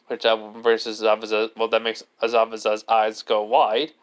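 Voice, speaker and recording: A man's voice: fairly low pitch, monotone, normal speed, hardly any pauses. A man telling an improvised fan story, rambling and leaning heavily on filler words and restarts. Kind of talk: improvised fan fiction narration.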